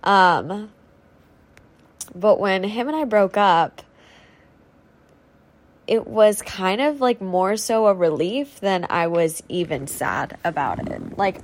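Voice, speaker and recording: A woman's voice: mid-range voice, slight background noise. Young woman host, casual rambling rant, swears a lot, cheap home mic. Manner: chatty, swears freely, rambling with many fillers. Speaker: podcast host. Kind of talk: casual ranting monologue. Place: at home with a squeaky chair. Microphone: faulty home microphone.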